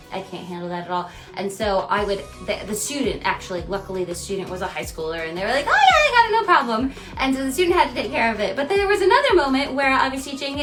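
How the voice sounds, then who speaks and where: A woman music teacher talks through her memories in a relaxed, chatty vlog. She is lively, laughs easily and often backs up to restart a thought. Her voice sits in a middle range, with soft music playing faintly underneath. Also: mid-range voice, low-quality recording. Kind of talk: casual personal storytelling.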